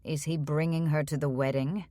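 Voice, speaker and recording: A woman's voice: low voice, steady tone, moderate pace, dark tone, dry recording, clean studio sound, pitched below the performer's own voice, natural voice. A woman voicing a disapproving older society woman who asks pointed questions.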